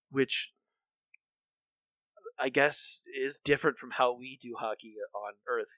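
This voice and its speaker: A man's voice: mid-range voice, steady tone, unhurried, pauses often, pushed and bright, no echo. Rambling man recapping a cartoon, dry sound. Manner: rambling recap with many fillers and restarts. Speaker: podcast co-host recapping a cartoon. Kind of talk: casual chat.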